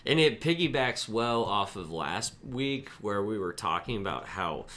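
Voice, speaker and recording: A man's voice: lowish voice, big pitch swings, unhurried, a bit bright. A man co-hosting a podcast, chatting casually, rambling and swearing a lot. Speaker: podcast co-host. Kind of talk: casual chat.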